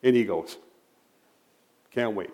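A man's voice: on the low side, takes it slowly, warm tone. A man preaching a sermon in a conversational way, retelling Bible stories with frequent asides to the listeners. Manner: conversational, frequent "right?" and "you know" asides.

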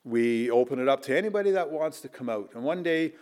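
A middle-aged man preaching in a chapel, telling a personal story with earnest emphasis that drops to hushed asides. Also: medium pitch, lively intonation, fast. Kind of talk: storytelling sermon.

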